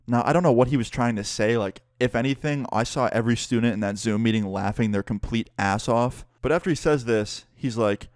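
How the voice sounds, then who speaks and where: A man's voice: mid-range voice, brisk, a little mellow, no room sound, clean studio sound. A young man casually telling a story-time vlog, laid-back and rambling with many fillers. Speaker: YouTuber.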